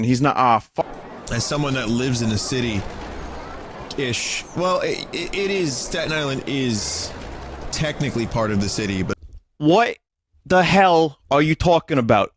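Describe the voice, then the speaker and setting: A man rambles through casual stream chat, restarting his sentences and swearing offhand. His voice sits at an ordinary middle pitch. Faint music plays underneath. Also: fairly bright tone.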